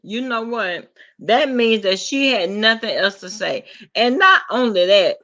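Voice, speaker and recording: A woman's voice: a little high, lively intonation, a little slow, sharp tone, muffled recording. A woman hosting a casual chat, chiming in with short supportive remarks and reading out comments. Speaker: host.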